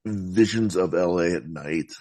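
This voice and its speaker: A man talking about films as a podcast guest, in a thoughtful, meandering way with frequent halting restarts. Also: sits low, a little mellow, dry recording. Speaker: podcast guest, film critic. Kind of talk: casual film discussion.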